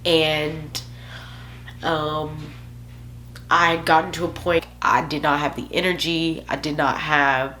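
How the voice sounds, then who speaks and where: A woman's voice: low voice, little pitch movement, slow pace, fairly bright tone, slight background noise. A young woman vlogger telling a candid, emotional personal story, joking at her own expense.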